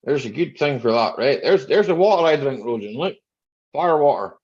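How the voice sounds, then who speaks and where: A man's voice: mid-range voice, expressive, moderate pace, a little mellow, slightly rough. A middle-aged Scottish man hosting a casual live chat from home, greeting viewers by name and joking. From Scotland. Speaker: live stream host. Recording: slightly dull lo-fi live stream audio.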